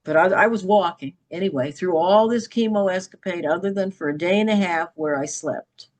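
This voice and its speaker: Low-pitched middle-aged lady guest on a podcast, storytelling, keeps saying okay?. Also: normal speed, darkish tone. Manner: emphatic, checks in with "okay?". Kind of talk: personal storytelling in an interview.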